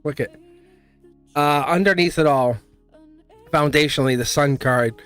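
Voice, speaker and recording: A man's voice: a little high, a little slow, fairly bright tone, clean tone, faint music behind. A man giving a live tarot reading, blunt and chatty, laughing often and acting out little voices. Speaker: tarot reader.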